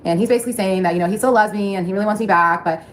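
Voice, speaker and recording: A woman telling a personal story in a fast, animated, chatty way. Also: medium pitch, slight background noise, poor audio.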